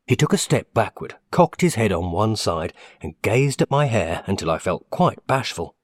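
A man reading a classic story aloud in the first person, measured and expressive. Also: lowish voice, no room sound, studio quality. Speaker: audiobook narrator.

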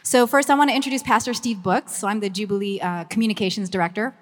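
A woman's voice: mid-range voice, quick pace. Bubbly fifty-something Californian woman in a hall. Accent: Southern Californian Valley Girl. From Los Angeles, USA. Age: 50s. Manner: bubbly, effusive, chatty with frequent "like". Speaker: ministry communications director. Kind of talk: church meeting talk and prayer. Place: church meeting room. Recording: long reverb of a hall.

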